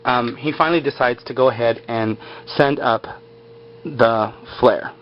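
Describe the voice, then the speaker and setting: A man's voice: mid-range voice, a little slow, a little hiss or hum. A man casually retelling a TV episode, rambling with lots of filler words. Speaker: episode recapper. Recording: slightly muffled lo-fi recording.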